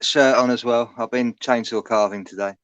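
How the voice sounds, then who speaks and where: A man joining a live chat show as a first-time guest, talking in a relaxed, plain-spoken way over muffled online call audio. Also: medium pitch, moderate pace, clean tone, no room sound. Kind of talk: casual chat.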